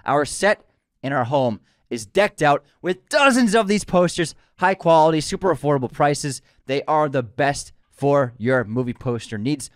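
A man's voice: fairly high pitch, animated, moderate pace, dry recording, studio quality. A man co-hosting a casual movie podcast, joking, laughing easily and reading a sponsor spot with energy. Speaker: podcast co-host.

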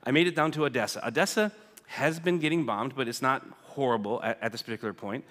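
A man's voice: medium pitch, fast talker, fairly bright tone. A man giving a casual, joking church talk about his mission work, often asking "right?" and acting out what people said. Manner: chatty, keeps asking "right?", acts out quoted people. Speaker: guest speaker reporting on mission work. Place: church sanctuary. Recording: church hall with long reverb.

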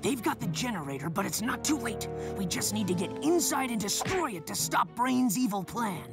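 A man voicing a bossy, excitable teen boy superhero leader in a cartoon, commanding and prone to shouting. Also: high voice, moderate pace, vocal fry, exaggerated voice. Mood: determined. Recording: cartoon audio with music behind.

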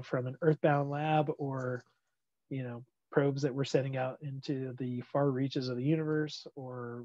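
A man's voice: mid-range voice, a little mellow, dry recording, muffled recording. A man teaching a physics class over a video call, chatty and laid-back, with lots of fillers. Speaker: physics instructor. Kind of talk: casual online lecture.

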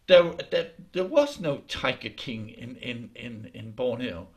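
A man telling a folk tale in a lively, halting way, over a video call. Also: mid-range voice. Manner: lively, halting with restarts, laughs along. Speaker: storyteller. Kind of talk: oral folk storytelling.

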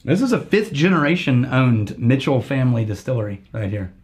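A man's voice: mid-range voice, expressive, brisk, a little mellow. An American man hosting a whiskey tasting show, chatting casually and joking as he explains things at length.

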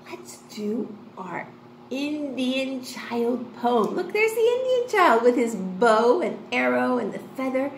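Woman kindergarten teacher, high, lively sing-song delivery, echoey room. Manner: slow, sing-song and excited, gasping with delight. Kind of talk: online lesson for young children. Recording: echoey room with faint noise.

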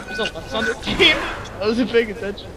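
A man's voice: extremely high pitch, lively intonation, normal speed, over loud music. A young man in casual chat while gaming, teasing his friends with crude jokes. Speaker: gamer.

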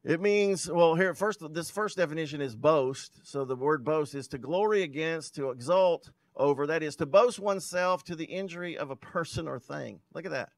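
A male pastor preaching a sermon, reading scripture aloud and explaining it with emphatic swells in loudness. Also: fairly high pitch, normal speed, hardly any pauses, no echo. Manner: loudness rising and falling sharply for emphasis.

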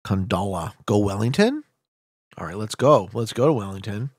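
A man streaming a geography guessing game, chatting to viewers with loud hype bursts and quiet muttering while he thinks. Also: on the low side, animated, normal speed, breathy edge, no echo, studio quality. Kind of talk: casual gameplay commentary.

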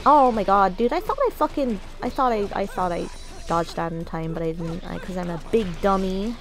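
A woman's voice: medium pitch, moderate pace. A young adult woman live-streaming a game, chatting with viewers in a playful, self-mocking way with plenty of swearing. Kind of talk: live gameplay streaming chat.

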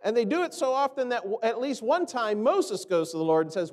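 An American man preaching a sermon as pastor, animated and often mimicking the complaining voices of others. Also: very high-pitched, fairly quick, few pauses. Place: church sanctuary. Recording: long church reverb.

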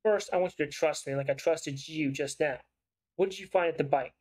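A man's voice: a little high, brisk, a little mellow, lightly acted, low-quality recording. A man reading as a shrewd probing writer. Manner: smooth-talking and probing. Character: shrewd, persuasive investigative writer.

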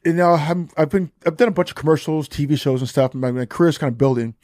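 Speaking quickly in a highish voice, a podcast guest in his fifties spins casual, animated stories. He voices the dialogue of other people, switching tones for each, and the studio-quality recording has no echo.

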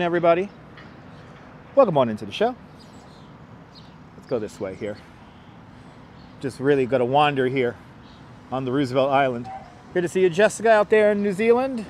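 A man's voice: a little high, darkish tone, slight background noise. Chatty New York man greeting stream viewers. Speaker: live-stream host walking a city tour. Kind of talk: casual live-stream chat. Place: outdoors on city streets by a river. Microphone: wireless clip-on mic.

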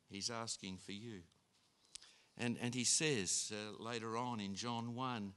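A man preaching a sermon in an unhurried way, with frequent restarts and fillers. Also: on the low side, a bit bright. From Australia. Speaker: pastor.

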